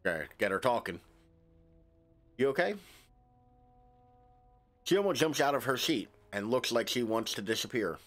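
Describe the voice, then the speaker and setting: A man's voice: mid-range voice, animated, fast talker, few pauses, fairly bright tone, soft background music. A male streamer reading a narrative game aloud, dropping casual, wry asides between the lines.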